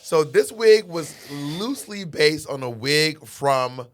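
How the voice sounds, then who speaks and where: A man from Alabama hosting a podcast, chatting in an animated, joking way and laughing often. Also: fairly high pitch, slow pace. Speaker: podcast host. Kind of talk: casual chat.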